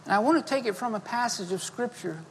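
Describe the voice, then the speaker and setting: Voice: mid-range voice, fast, vocal fry, slight background noise. A pastor preaching a sermon and leading an altar call, fervent, repeating key phrases and punctuating them with "amen" and "beloved.". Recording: long reverb of a large hall.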